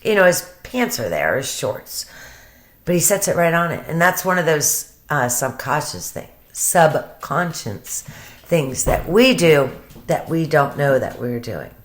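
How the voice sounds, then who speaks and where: A woman's voice: sits low, sing-song, a little slow. A woman giving casual commentary from home, chatty and emotional, now and then swearing. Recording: echoey room.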